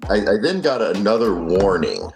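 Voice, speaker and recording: A man's voice: fairly low pitch, sing-song, moderate pace, gravelly, darkish tone, faint music behind. A man in his forties retelling an old story to friends, rambling with fillers and laughing often. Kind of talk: casual storytelling among friends.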